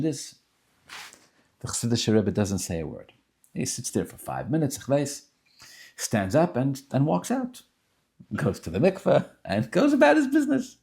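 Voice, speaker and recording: A man telling a story in an animated, informal way, sprinkling in Yiddish and Hebrew terms. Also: medium pitch.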